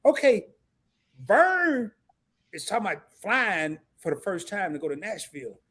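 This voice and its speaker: A man hosting a casual live stream chat, talking in an animated, slangy way with lots of laughter. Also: high voice, measured pace, breathy edge.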